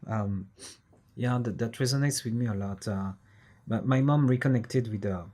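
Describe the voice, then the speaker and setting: Husky podcast host man. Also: mid-range voice, moderate pace, darkish tone. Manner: open and candid, with many fillers and restarts. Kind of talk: casual conversation.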